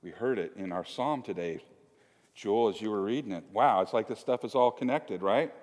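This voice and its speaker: A man's voice: fairly low pitch, normal speed, a little mellow. A man preaching a chatty, joking sermon to his congregation, acting out little scenes as he goes. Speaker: pastor. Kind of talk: conversational sermon. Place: church sanctuary. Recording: echoey church hall.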